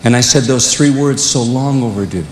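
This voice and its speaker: An older man telling comic stories to young people, swinging between loud punchlines and hushed, earnest moments. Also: normal speed. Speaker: speaker at a youth conference. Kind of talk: comedic storytelling. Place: large hall. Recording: echoey hall with faint rumble.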